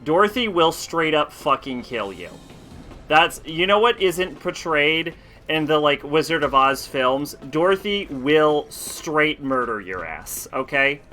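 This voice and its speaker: A man's voice: a little high, animated, measured pace, bright, forceful tone, soft background music. A man streaming a video game, chatting casually and telling rambling, profane stories. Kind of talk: casual chat while playing.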